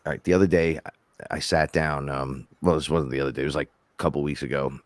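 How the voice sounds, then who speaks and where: A rapper co-hosting a podcast, telling rambling, animated stories in casual chat and quoting himself along the way. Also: male voice, very deep voice, fast, no room sound. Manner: rambling, animated storytelling with self-quotes.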